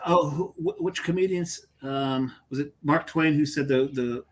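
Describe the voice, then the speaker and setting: A man's voice: a little high, moderate pace. A man co-hosting a podcast in casual chat, joking and laughing often. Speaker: podcast co-host.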